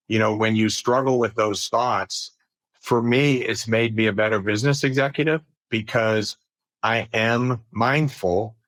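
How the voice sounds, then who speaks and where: A man being interviewed as a podcast guest, speaking in an earnest, measured way about business and mindfulness. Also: mid-range voice, fairly bright tone, dry recording. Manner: earnest and measured, thinks aloud with fillers. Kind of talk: reflective conversational interview.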